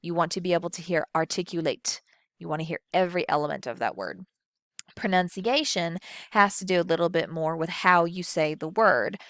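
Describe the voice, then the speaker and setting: A woman with a Southern US accent gives a recorded lecture on public speaking. Her voice sits a little low and comes through smooth and clear. She plays up her delivery to show each technique, and the recording is dry and close. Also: fairly quick, no echo. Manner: expressive, demonstrates vocal techniques.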